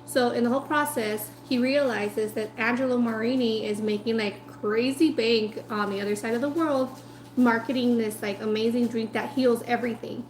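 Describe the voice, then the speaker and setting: A woman's voice: fairly high pitch, normal speed. Chatty woman food vlogger, echoey room. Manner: chatty, animated, lots of "like". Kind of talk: casual storytelling while eating.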